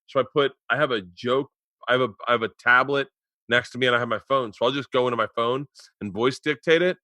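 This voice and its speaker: A man in his forties hosting a remote podcast, telling rambling stories that turn loud and laughing. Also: mid-range voice, quick pace, no room sound. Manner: rambling storyteller, gets loud and laughing in anecdotes. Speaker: podcast host. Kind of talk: casual chat. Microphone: remote podcast mic.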